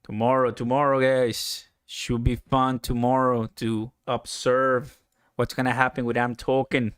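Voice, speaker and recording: A man hosting a casual live stream, chatting excitedly, laughing often and answering viewer comments. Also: mid-range voice, unhurried, clean tone, no echo, clean studio sound.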